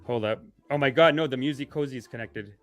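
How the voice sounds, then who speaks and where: A man hosting a comedic live stream. He swings between hushed mock-spiritual calm and loud excited outbursts, laughing often. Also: mid-range voice, fast, soft background music. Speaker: livestream host.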